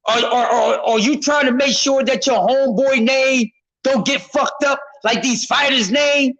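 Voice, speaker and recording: Loud high-voiced man ranting, profane. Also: unhurried, dull audio. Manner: loud, profane, repetitive, often shouting; speaks to a chat member by name. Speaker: boxing commentary streamer. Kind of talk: heated live-stream rant.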